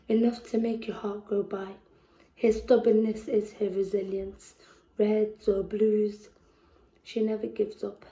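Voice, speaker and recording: Slow, deliberate Scouse woman poet. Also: fairly high pitch, warm tone, echoey room, rough recording. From England. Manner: slow, deliberate delivery with emphatic repetitions. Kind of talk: spoken word poetry performance. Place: festival venue indoors.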